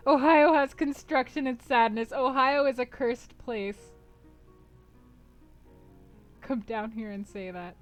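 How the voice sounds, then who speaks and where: A woman's voice: high-pitched, measured pace. Bubbly American woman streamer, faint music. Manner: chatty and bubbly, laughing often. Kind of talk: casual chat with live chat. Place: home streaming setup.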